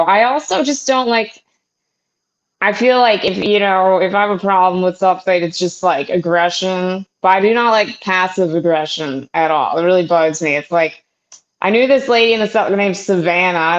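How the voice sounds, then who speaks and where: Halting young woman doing stand-up. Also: lowish voice. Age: young adult. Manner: halting, filler-heavy delivery with self-deprecating jokes. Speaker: stand-up comic. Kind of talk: stand-up comedy set. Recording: muffled lo-fi sound.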